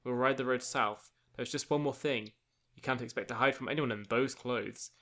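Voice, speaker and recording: A man's voice: medium pitch, normal speed, fairly bright tone, natural voice. A man voicing a kind young orphan girl in a plain, unaccented reading. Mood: earnest. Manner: reads the lines plainly, no accent.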